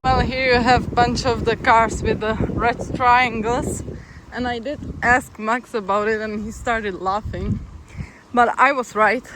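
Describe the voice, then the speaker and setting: Strolling along a town roadside on a windy day, this young adult hiker-vlogger chats to the camera with easygoing, wry humor. The voice sits at medium pitch with a steady, unhurried tone, and the outdoor recording picks up wind and vehicles going by.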